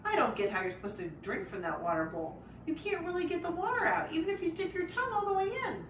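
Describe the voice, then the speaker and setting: A woman reads a chapter book aloud to children in a lively manner, stopping to ask them questions. Her voice is bright and sharp. The room is echoey, the mic distant, with faint noise behind. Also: extremely high pitch, fast talker. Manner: lively, asks listeners questions. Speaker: teacher reading aloud.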